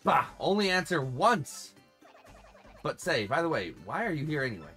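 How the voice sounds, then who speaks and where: A crotchety old female creature elder barks orders and complains about her aching back, voiced by a man reading game dialogue. Her tone is scolding and impatient, pitched a little above his usual talk. This is casual game-playthrough acting, not a studio performance. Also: sing-song, normal speed, bright, forceful tone, faint music behind, exaggerated voice. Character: grumpy bossy old female tree-dwelling creature elder.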